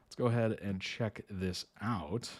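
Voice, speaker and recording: A man's voice: fairly low pitch, steady tone, a little slow. A man hosting a reaction video, commenting in an easygoing way and laughing often. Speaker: reaction channel host.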